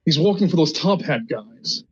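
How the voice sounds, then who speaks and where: Brash cursing young adventurer played by a man, higher voice, dull dry mic. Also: lively intonation, normal speed, slightly rough, no room sound.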